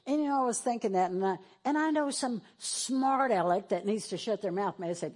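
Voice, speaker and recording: A woman's voice: medium pitch, lively intonation, a little fast, few pauses, darkish tone. A woman preaching a sermon in a church, moving between fervent exhortation and tearful emotion. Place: church sanctuary, televised.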